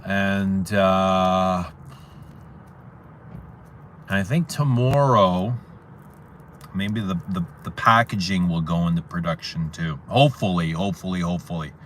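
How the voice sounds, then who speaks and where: A man's voice: sits low, slow, long pauses, a bit bright, a little hiss or hum. A man hosting a fragrance livestream, chatting casually, rambling and repeating himself as he answers viewer questions. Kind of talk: casual livestream chat reading viewer comments.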